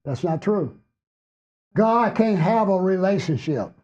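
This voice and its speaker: A man who is losing his voice, hosting a spiritual discussion group in a strained, hoarse tone and stressing points with frequent "okay?". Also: sits high, expressive, slow, darkish tone, dull audio. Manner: emphatic, keeps asking "okay?". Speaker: host and teacher.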